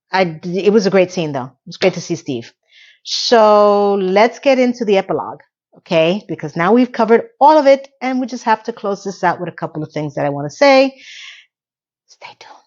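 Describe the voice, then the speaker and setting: A middle-aged woman talks through a TV episode in a loose, chatty recap, her voice jumping up in pitch when something moves her. The sound is a little dull and muffled. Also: lively intonation, a little mellow. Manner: chatty and emotional, with quick rises in pitch. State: tearful. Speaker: TV recap vlogger. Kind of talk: casual solo recap.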